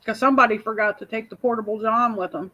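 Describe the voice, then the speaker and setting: An older woman hosts a casual morning livestream in a fairly high, steady, bright and pushed voice, talking fast. She reads chat messages aloud and rambles through family stories full of fillers, and the lo-fi audio sounds slightly dull.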